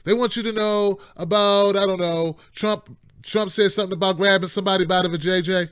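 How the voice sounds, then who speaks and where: A man's voice: high voice, fairly even intonation, a little fast, a bit bright, clean tone, dry recording, clean studio sound. A man hosting a live call-in show, delivering impassioned political commentary in a rambling, emphatic way with mocking asides.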